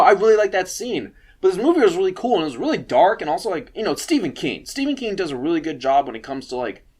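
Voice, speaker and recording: A young man with a slightly high voice talks through film recommendations in a loose, rambling way. He leans on fillers and restarts, and swears freely as he goes. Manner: rambling and profane, many fillers. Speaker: film reviewer.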